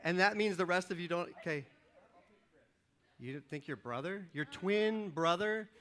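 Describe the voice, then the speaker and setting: A high, bright-toned man leads a sermon from a church stage with an upbeat, joking manner. He calls volunteers up, counts them in, and then turns to his message. His voice carries through a stage microphone. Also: moderate pace. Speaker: pastor. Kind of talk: lively sermon with audience participation. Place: church stage before a congregation.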